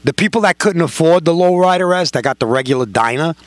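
A man's voice: on the high side, quick pace, dry recording. A middle-aged man, a podcast guest telling casual stories full of swearing and acted-out quotes. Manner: heavy swearing, lively anecdotes with acted-out quotes. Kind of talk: casual storytelling.

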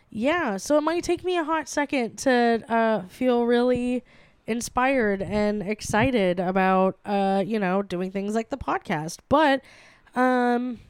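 A woman's voice: on the high side, clear, resonant tone, dry recording. A woman co-hosting a comedy podcast, talking casually with lots of fillers and restarts. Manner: rambling, many fillers and restarts. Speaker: podcast co-host. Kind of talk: casual chat.

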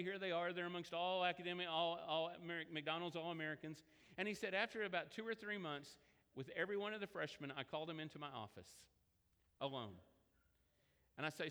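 Guy preaching in a church, high bright voice, big hall reverb, chatty storytelling. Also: smooth. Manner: conversational storytelling, animated pitch swings. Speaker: pastor. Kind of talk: sermon.

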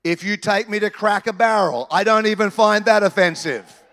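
An Australian pastor preaching with a higher-than-usual voice for a man. His delivery is lively and conversational, with humorous asides. His voice carries a long echo from a large hall. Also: normal speed. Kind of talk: sermon. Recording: reverberant church hall.

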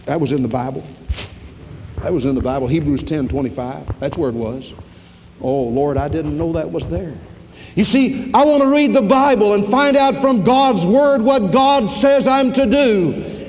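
A middle-aged man delivers a sermon from the pulpit in a fairly high voice, and the long reverb of the church hall trails after every phrase. He tells homespun stories and acts out the dialogue, jumping up in pitch for the other characters before settling back into plain preaching. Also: normal speed, a little mellow, lo-fi sound, slight background noise. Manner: folksy storytelling, acting out dialogue with sudden pitch jumps. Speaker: pastor. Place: church sanctuary.

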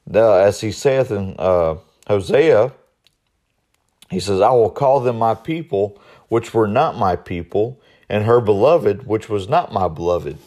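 A man's voice: on the low side, darkish tone. A male pastor preaching verse by verse, with many fillers and repeated words, rising when he voices God. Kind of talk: verse-by-verse sermon.

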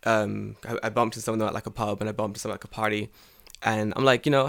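A man's voice: lowish voice, flat delivery, quick pace, gravelly, a bit bright. A young man, co-hosting a podcast in casual chat, swearing a lot and mocking people in put-on voices. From United Kingdom. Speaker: podcast co-host.

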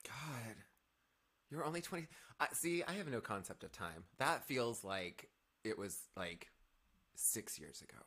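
A middle-aged man co-hosting a casual chat, telling stories in an animated, teasing way. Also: medium pitch, unhurried. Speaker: podcast co-host.

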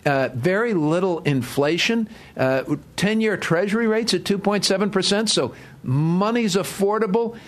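A man's voice: sits high, moderate pace. A man hosting a financial talk show in a studio, chatty and rambling with self-deprecating asides. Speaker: podcast host, financial adviser. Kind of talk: casual radio-style talk.

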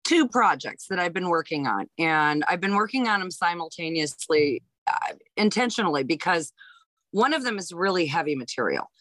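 A woman's voice: lowish voice, moderate pace, no echo, rough recording. A woman in her fifties from Hawaii, a stand-up comedian, telling family stories in a casual interview with lots of restarts. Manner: animated storyteller, lots of restarts.

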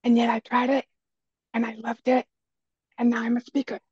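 Earnest raspy woman guest, very husky, dry close recording, lo-fi. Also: on the high side, completely flat delivery, moderate pace, dry recording. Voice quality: raspy, quiet voice. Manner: earnest and emphatic, repeats key phrases. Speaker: podcast guest, speaker and kitchen coach. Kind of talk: casual conversation.

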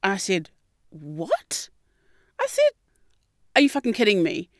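This podcast host, a young adult woman, shares a personal story as a casual storytelling monologue, cursing freely and performing the quotes with candid expressiveness. She speaks a little fast in a mid-range voice, and the studio sound is clean and dry.

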